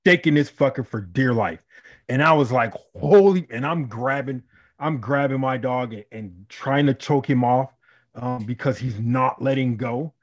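A married man from Chicago telling a story in a casual podcast chat, animated and profane, acting out the people in it. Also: mid-range voice, normal speed. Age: adult, married. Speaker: podcast co-host.

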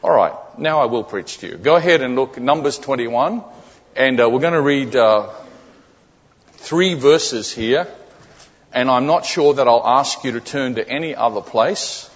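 A guest preacher with a husky, mid-range voice speaks expressively and a little slowly to a congregation in a church sanctuary, conversationally checking that they follow along and repeating key phrases for emphasis. The dull, lo-fi recording carries the long reverb of the church hall.

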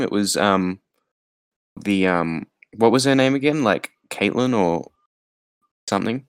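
A man's voice: lowish voice, clear, resonant tone, dry recording. A tired man co-hosting a podcast, chatting casually about a film and rambling with lots of fillers and laughs. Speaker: podcast co-host.

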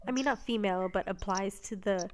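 A woman's voice: mid-range voice, a little fast, slight background noise. A woman co-hosting a podcast in casual chat, talkative, laughing often and swearing casually. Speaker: podcast co-host.

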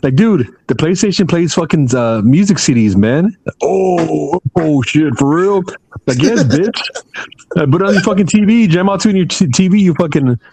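A man's voice: fairly high pitch, animated, moderate pace, warm tone, a little hiss or hum. A man co-hosting a podcast, teasing his friend with profane, insistent banter. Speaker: podcast co-host. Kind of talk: casual banter.

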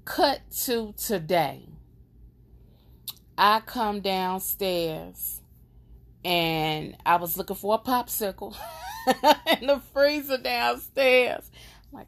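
A woman tells a personal story on her own podcast at a slow, deliberate pace. Her delivery is emotional and expressive but stays casual and conversational. Her voice sits at a middle pitch. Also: vocal fry. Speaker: podcast host.

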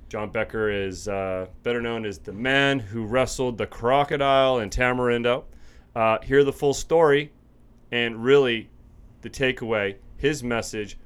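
A man hosting a surf podcast in casual chat, excitable and laughing often. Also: medium pitch, smooth. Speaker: podcast host.

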